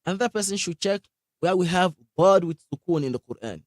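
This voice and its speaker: Animated man teaching recitation live. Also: high voice, a little fast, dry recording, studio quality. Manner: energetic, demonstrates sounds by repeating them; asks the class questions. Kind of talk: live online tajweed lesson.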